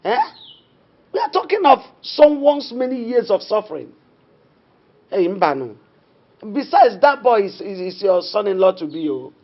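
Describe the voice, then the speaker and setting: A worried middle-aged Nigerian mother, low swooping voice, dull audio, faint music. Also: big pitch swings, normal speed, pauses often. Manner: soothing then scolding her husband. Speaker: mother and wife. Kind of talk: Nollywood film drama.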